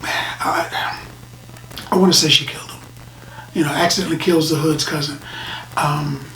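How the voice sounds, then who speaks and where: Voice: mid-range voice, steady tone, moderate pace, a bit bright. A reviewer talking casually through a show, rambling with restarts and dropping into whispers for emphasis. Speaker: film and TV reviewer. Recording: roomy, distant mic, faint noise.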